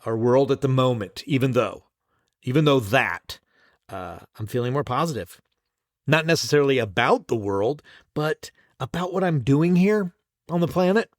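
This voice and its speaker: A man talks through his solo podcast in a loose, playful way, giggling at his own jokes and restarting sentences as he goes. His voice sits at an ordinary pitch. The sound is close and dry, with almost no room echo. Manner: playful, giggly, self-deprecating, jumps around mid-sentence. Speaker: podcast host and ADHD coach. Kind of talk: casual solo podcast talk.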